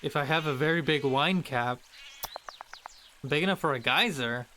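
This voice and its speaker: A man's voice: a little high, normal speed, bright, forceful tone, slight background noise. Man putting on a hammy mock-French lutin elder, jolly and grand. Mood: helpful. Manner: theatrical, chuckling "ho ho ho". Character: jolly male lutin mushroom master, self-important.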